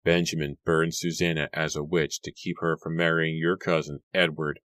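A man's voice: a bass voice, flat delivery, moderate pace, a bit bright, no room sound, studio quality. A man voicing a grave, earnest young man. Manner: grave, intense storytelling. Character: earnest young man seeking to end a feud.

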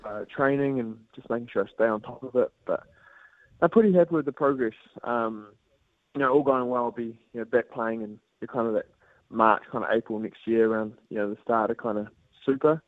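Over a tinny phone line, a New Zealand man guests on a radio program for a casual interview. He's relaxed and easygoing, laughing often and filling his speech with fillers, in a mid-range voice with no room sound.

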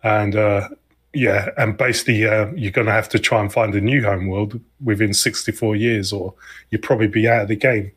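This is a man talking casually on a gaming podcast. He speaks in an easygoing, halting way, with frequent ums. His voice sits slightly low. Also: fairly even intonation, fairly bright tone, husky. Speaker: podcast co-host.

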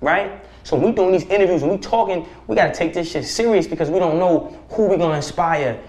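Preachy, forceful man in a roomy studio. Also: sits high, brisk. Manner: forceful, preachy, profane, rhetorical questions. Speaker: podcast guest. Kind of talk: impassioned podcast conversation. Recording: roomy echo.

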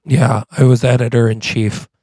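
A man playing a grieving widower and former city newspaper editor, gruff and evasive. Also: medium pitch, flat delivery, normal speed, warm tone, dry recording, clean studio sound, lightly acted.

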